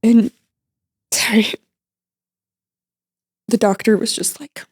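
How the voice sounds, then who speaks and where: A young woman guest on a podcast, recounting her mother's hospital visit in a halting, emotional way, with many fillers and restarts. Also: lowish voice, vocal fry, darkish tone. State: emotional, near tears at times. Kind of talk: emotional personal storytelling.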